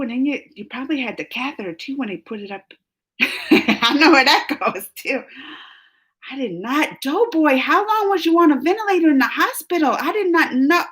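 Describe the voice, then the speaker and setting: A woman's voice: sits high, a bit bright. A married woman hosting a reaction stream, chatting to her viewers, emotional and teary, laughing between worries. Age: adult, married with family. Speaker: reaction channel host reading live chat. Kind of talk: casual emotional chat with viewers.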